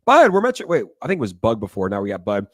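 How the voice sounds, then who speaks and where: A man's voice: on the low side, huge pitch swings, racing, fairly bright tone, no room sound, studio quality. A young man hosting a casual crypto livestream, joking around and reading viewer comments aloud. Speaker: crypto show host.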